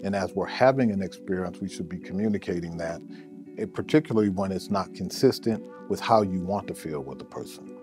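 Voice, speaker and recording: A male therapist giving relationship advice in a measured way, often repeating words as he thinks. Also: deep voice, over music. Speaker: therapist answering a listener question. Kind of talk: advice talk to camera.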